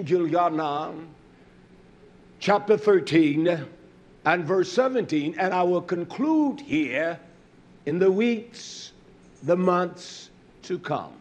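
A man preaching a sermon in a high voice, with long unhurried phrases that build toward shouts. He repeats words for emphasis and fills his pauses with drawn-out fillers before sinking low again. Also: expressive. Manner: slow, swelling preaching, rising to shouts then dropping low.

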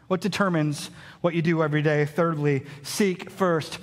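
A man's voice: a little high, fairly even intonation, normal speed. A man, preaching a sermon as pastor in a conversational storytelling way. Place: large church hall. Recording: hall reverb.

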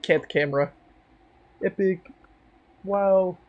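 A woman's voice: medium pitch, slow pace, muffled recording. A woman chatting casually while streaming a game, rambling and joking with plenty of swearing. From Canada. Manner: rambling, jokey, swears freely. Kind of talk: casual gaming stream chat.

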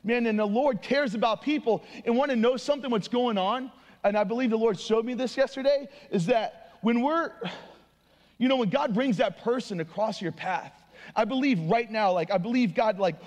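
A young man preaching an informal sermon in a church, casual and slangy, talking in quick conversational bursts. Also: extremely high pitch. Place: church sanctuary. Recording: long hall reverb.

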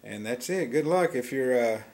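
A man's voice: medium pitch, lively intonation, moderate pace, a little mellow. A man giving a casual step-by-step guitar lesson, explaining chord shapes plainly and easygoingly. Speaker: guitar teacher. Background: acoustic guitar being played.

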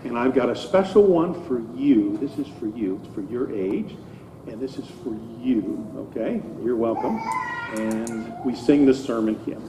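A man's voice: medium pitch, animated, a little slow, noisy background. A man, a pastor, giving a children's sermon in a church, talking animatedly and asking the children questions. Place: church sanctuary. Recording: echoey hall, dull sound.

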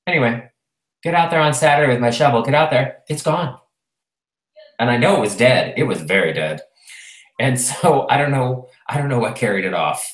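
A man's voice: mid-range voice, animated, brisk, pauses often, a bit bright. A man co-hosting a casual talk show, chatting and rambling with lots of fillers. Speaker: podcast co-host. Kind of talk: casual chat. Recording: roomy echo.

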